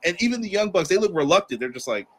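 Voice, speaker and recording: Podcast guy breaking down a wrestling show, animated, voice bouncing all over the place. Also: high-pitched, a little hiss or hum. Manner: animated, acts out wrestlers in quick put-on voices. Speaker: podcast host. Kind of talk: casual wrestling review chat.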